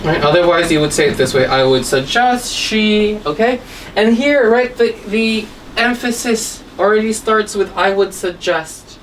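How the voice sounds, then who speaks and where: A woman's voice: mid-range voice, lively intonation, a little slow. A woman English teacher explains grammar in a lesson and ends many lines with "right?" or "okay?". She sits some way from the mic. A faint hiss runs under her voice. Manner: tags sentences with "right?" and "okay?". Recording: distant mic with faint background noise.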